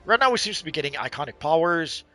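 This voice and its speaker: A man's voice: on the high side, big pitch swings, quick pace, bright, forceful tone, soft background music. A man co-hosting a game livestream, chatting casually and rambling, hedging with lots of uhs and restarts.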